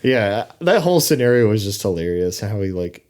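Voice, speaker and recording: A young man co-hosting a podcast, talking about a film in an animated, hesitant way with fillers and laughter. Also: lowish voice, normal speed. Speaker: podcast co-host. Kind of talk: casual film discussion.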